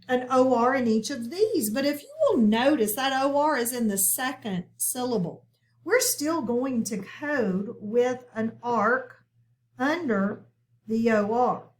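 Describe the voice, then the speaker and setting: Slow, high-voiced woman teaching phonics. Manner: patient, checks in often with "okay?". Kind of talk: recorded phonics lesson.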